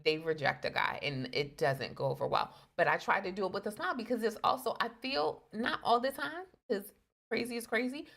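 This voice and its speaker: A woman's voice: medium pitch, brisk, gravelly, fairly bright tone. A young adult woman co-hosting a casual relationship podcast, telling candid stories in an earnest way. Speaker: podcast co-host. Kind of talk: casual chat.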